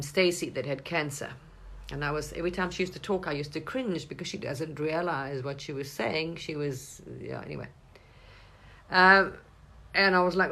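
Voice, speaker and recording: A woman with a notably low, deep speaking voice rambles through a casual spiritual talk. She talks animatedly, jumping between thoughts, and now and then leaps up into high, excited bursts. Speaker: spiritual vlogger.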